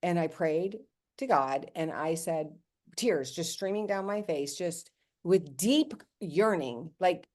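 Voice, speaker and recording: Slow-paced and with a voice on the low side, a team leader in network marketing, in her fifties, relates her story during a team call. She keeps it chatty and animated, dramatizing quotes and addressing listeners directly.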